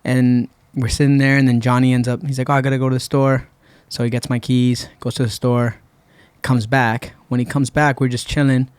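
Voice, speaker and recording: Man telling a story in a flat voice. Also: medium pitch, fairly quick, clear, resonant tone, dry recording. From Puerto Rico. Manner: relaxed, retells events with quoted dialogue. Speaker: podcast guest. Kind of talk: casual storytelling. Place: podcast studio.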